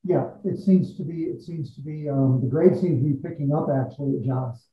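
A man working as an exploration geologist, explaining drilling results in a measured, technical way with frequent restarts. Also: fairly high pitch. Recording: echoey, distant, dull audio.

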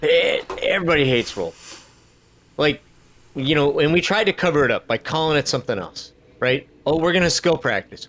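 A man's voice: on the high side, animated, fairly quick, fairly bright tone. Chatty male podcast host. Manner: chatty, full of "like" and asides. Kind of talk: casual podcast chat.

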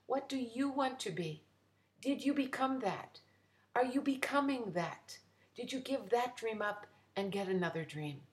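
A woman's voice: medium pitch, expressive, a little slow. Woman reading a children's story. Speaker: storyteller and writer. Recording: roomy echo.

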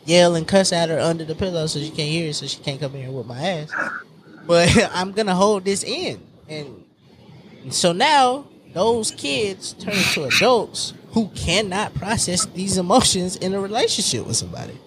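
A man with a somewhat high voice talks in loose, casual group chat. He is animated and slangy, drops curse words freely and slips into the voices of the people he quotes. A faint bed of noise sits under him. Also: moderate pace. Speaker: podcast co-host.

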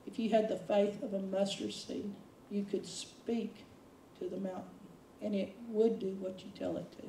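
Animated woman preaching in an echoey room. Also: a little high, distant mic, a little hiss or hum. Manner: animated, dramatic quoting with voice swings. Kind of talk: sermon.

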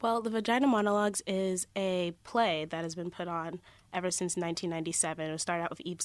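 In a radio studio with no room sound, a young woman student organizer is interviewed as a guest. Her voice is lowish and fairly even, her pace brisk, and she speaks earnestly and passionately in long, flowing runs.

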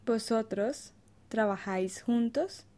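A woman co-presenting a podcast language lesson, reading example phrases slowly and carefully, saying each one twice. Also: on the high side, mellow.

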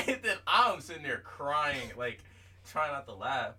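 Young man, husky voice, bright tone, animated storytelling, distant mic. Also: fairly high pitch, a little slow. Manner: animated, laughing while telling stories, swearing. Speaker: podcast co-host, firefighter. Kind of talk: casual storytelling chat.

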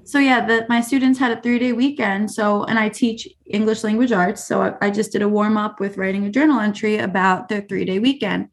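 A woman's voice: mid-range voice, fairly even intonation, fairly quick, hardly any pauses. A young adult woman teacher telling stories in a casual interview, chatty and full of fillers like "like" and "you know.". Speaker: teacher, podcast guest.

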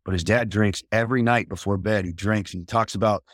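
A blunt, foul-mouthed man in his thirties on a podcast, swinging from low and flat to loud and high when he acts out other people. The sound is dry and close, with no room around him. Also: brisk, no room sound. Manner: blunt, profane, animated, acts out quoted dialogue. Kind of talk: casual podcast conversation.

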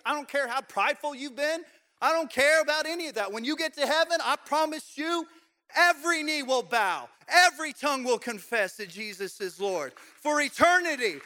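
A middle-aged man preaching a sermon to his congregation, shifting between loud exhortation and quiet, joking asides. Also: extremely high pitch, moderate pace. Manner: swings from loud shouted exhortation to quiet, intimate talk; conversational and joking, with playful asides. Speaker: pastor. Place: church sanctuary with congregation.

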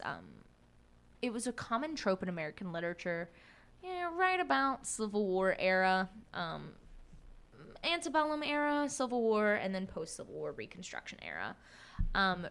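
A woman's voice: mid-range voice, normal speed, creaky. A young woman co-hosting a podcast, talking casually about a book with lots of fillers and restarts. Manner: animated, many fillers and restarts. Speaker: podcast co-host.

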